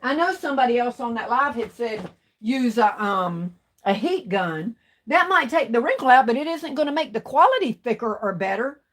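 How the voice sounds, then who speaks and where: A woman's voice: a little high, animated, a bit bright. A woman, chatting casually with viewers on a craft livestream and drawing out her words. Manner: chatty, drawn-out, talks to viewers. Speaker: craft vlogger.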